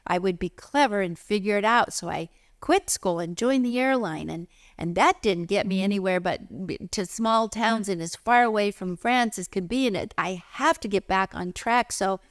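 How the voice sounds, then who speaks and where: A middle-aged woman tells a story about her own life and acts out the other people in it. Her voice is mid-pitched with a gravelly edge. It is recorded close and dry, with almost no room sound. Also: normal speed, hardly any pauses, dry recording. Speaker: spiritual teacher and author. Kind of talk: personal storytelling monologue.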